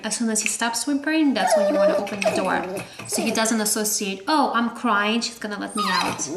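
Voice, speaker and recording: A woman at home calmly explaining, step by step, how she crate-trains her new puppy, in a casual how-to manner. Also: a little high, normal speed. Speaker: vlogger, new puppy owner. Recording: roomy echo, faint background noise.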